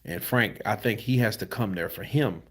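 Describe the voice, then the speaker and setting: A man's voice: fairly low pitch, moderate pace, fairly bright tone, breathy edge. A tired man hosting boxing commentary, reading viewer comments in a loose, slangy, laid-back way. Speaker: host of a boxing news channel.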